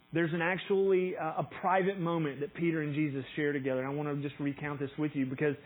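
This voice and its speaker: A man's voice: on the high side, husky, phone-quality sound. A middle-aged male pastor preaching a sermon, retelling scripture as a story and acting out its dialogue with rising intensity.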